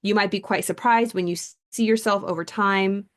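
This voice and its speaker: A woman's voice: medium pitch, steady tone, moderate pace. A woman coach reading a self-help book aloud, then chatting casually about it and telling stories with many fillers.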